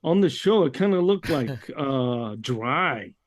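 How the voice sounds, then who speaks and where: A man's voice: mid-range voice, animated, slow. A man from the United States, hosting a podcast and chatting in a laid-back way with some swearing. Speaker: podcast host. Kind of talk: casual chat.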